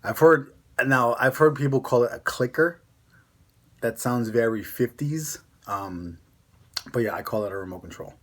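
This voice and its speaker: A man's voice: mid-range voice, moderate pace. Rambling chatty Connecticut man. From Connecticut, USA. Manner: rambling, chatty, full of fillers. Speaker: vlogger. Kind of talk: casual chat to camera.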